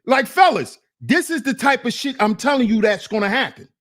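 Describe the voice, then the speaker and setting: Animated laughing man talking to the fellas. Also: extremely high pitch, brisk. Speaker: online commentator reacting to clips. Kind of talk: casual reaction commentary.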